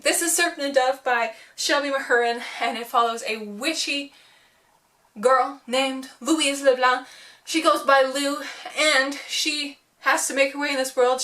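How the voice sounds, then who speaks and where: Gushing young woman, bright and high. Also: distant mic. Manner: gushing and giggly, heavy use of "like". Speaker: book vlogger. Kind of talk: casual chat.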